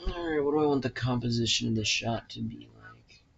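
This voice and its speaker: A man's voice: mid-range voice, brisk, vocal fry. A young man, a college student, thinking aloud while he works, frustrated and cursing as he mutters to himself. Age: young adult. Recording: muffled lo-fi recording with background noise.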